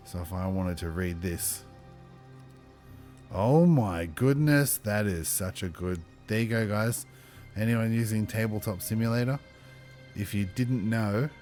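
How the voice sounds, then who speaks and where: A man running a tabletop game as game master, chatty and thinking aloud, with lively exclamations. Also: fairly low pitch.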